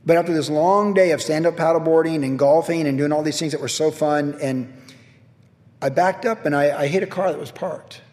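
A middle-aged man preaching a sermon as a pastor, telling a personal story in an animated way, acting out the voices he quotes and laughing at himself. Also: a little high, fairly quick, in a large hall.

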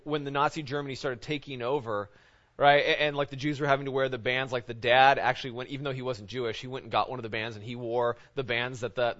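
A man's voice: mid-range voice, fairly bright tone. A man, a pastor, giving an informal, conversational sermon, often checking in with his listeners by asking "right?". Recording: dull lo-fi recording.

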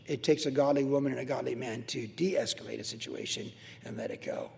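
A middle-aged man, a pastor, teaching the Bible verse by verse with animated storytelling and acted-out quotes. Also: high-pitched, long reverb tail.

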